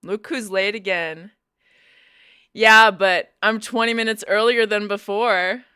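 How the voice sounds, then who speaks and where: A woman's voice: medium pitch, steady tone, slow, sharp tone, smooth, no room sound, studio quality. A young woman chatting casually with her live-stream audience, playful and teasing, laughing often. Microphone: Bluetooth headphones.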